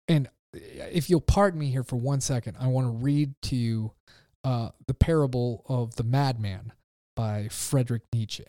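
A man, a pastor, talking casually on a podcast in a halting way with lots of fillers. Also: medium pitch, dark tone, no room sound, studio quality. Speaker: pastor and podcast guest author.

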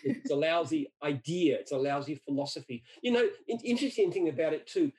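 Emphatic, higher-pitched man from Australia. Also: fairly quick, a little mellow, poor audio. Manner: emphatic, repeats words when restarting. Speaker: franchise founder. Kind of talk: interview answers with anecdotes.

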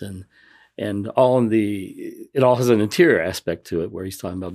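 Man, husky voice, lowish pitch, soft-spoken, heartfelt guest. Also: a little fast. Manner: emotional, choking up while reading aloud. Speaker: guest author. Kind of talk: conversational interview.

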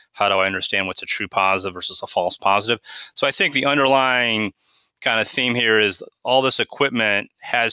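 A middle-aged man, a company's chief product officer, answering interview questions in a measured, explanatory way and often restarting phrases. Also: fairly low pitch, pushed and bright, smooth, no room sound.

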